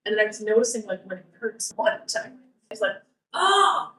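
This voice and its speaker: A woman's voice: medium pitch, steady tone, fairly quick. A woman guest telling her own story in a casual interview, rambling with frequent restarts. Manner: rambling, with many restarts and fillers. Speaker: guest, cancer survivor. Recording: roomy, distant mic.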